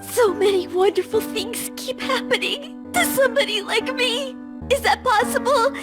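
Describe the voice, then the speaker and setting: An actress playing a meek, humble blind young woman in an anime dub, with a soft, tearful voice. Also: very high-pitched, normal speed, music in the background. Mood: wondering.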